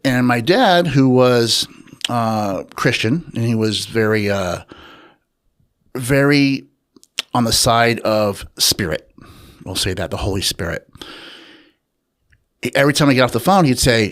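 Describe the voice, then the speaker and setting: A man telling his personal story as an interview guest, in a reflective, unhurried way with pauses and fillers. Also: mid-range voice, lively intonation, a bit bright. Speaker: interview guest, author and researcher.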